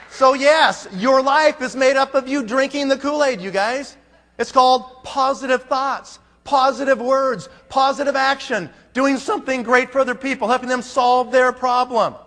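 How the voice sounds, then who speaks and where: A man's voice: extremely high pitch, fairly bright tone. A man giving a motivational talk at a conference, emphatic and firing rhetorical questions at the crowd. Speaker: conference speaker. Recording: long hall reverb.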